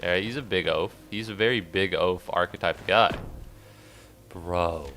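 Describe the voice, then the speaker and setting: A man giving rambling, jokey commentary while streaming a game, breaking into squeaky outbursts. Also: a little slow, pushed and bright, soft background music. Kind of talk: casual gaming commentary.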